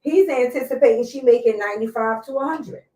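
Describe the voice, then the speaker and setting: Brief: opinionated woman from New York, firm and blunt, a touch high, mic at a distance. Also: a little fast, dark tone. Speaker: guest, hairstylist. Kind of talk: casual talk show chat. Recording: roomy sound, mic far off.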